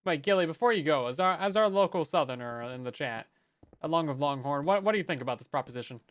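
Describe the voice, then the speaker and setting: A man with a somewhat high, clear, smooth voice talks loosely through a live game stream. He jokes along with viewers and often doubles words as he restarts a thought. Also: animated, fast. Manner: chatty, joking, often repeats words as he restarts. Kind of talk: casual live-stream chat while gaming.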